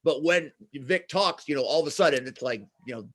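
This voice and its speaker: A man hosting a wrestling podcast, chatting casually and rambling with animated asides before asking questions. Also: on the high side, a little fast. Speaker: podcast host. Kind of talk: casual interview chat.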